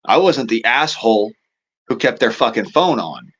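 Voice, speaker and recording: A man hosting his own show delivers a rambling, profanity-laced rant. His pitch swings widely as he works himself up, and he breaks into amused, exasperated laughter at his own complaints. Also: expressive, moderate pace, a bit bright, muffled recording. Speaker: show host. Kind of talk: casual ranting monologue.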